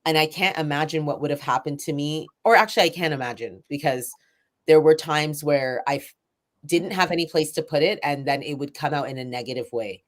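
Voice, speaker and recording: A woman poet and event organizer talks through her story in a low voice. She is candid and self-described shy, drifting through fillers and soft laughs as she thinks aloud. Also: fairly quick. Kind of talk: reflective interview conversation.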